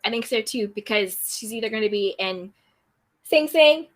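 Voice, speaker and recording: A woman's voice: fairly high pitch, lively intonation, moderate pace. A woman hosting a casual live chat, reading viewer comments aloud and answering them. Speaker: YouTube recap host reading live chat.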